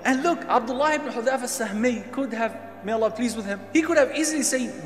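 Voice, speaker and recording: Male preacher, high voice, emphatic storytelling, long hall reverb. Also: fast talker, few pauses. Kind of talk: sermon storytelling.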